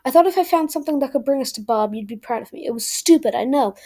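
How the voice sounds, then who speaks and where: A man's voice: extremely high pitch, animated, fast talker, mellow, exaggerated voice. A woman reading aloud the lines of a remorseful teenage boy from a novel, in a plain, unpolished way.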